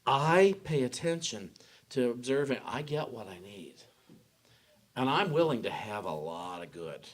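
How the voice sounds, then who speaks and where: In a church sanctuary, a pastor delivers a sermon in a mid-range, expressive voice, speaking a little slowly. His style is personal and conversational, and he frequently starts his sentences over.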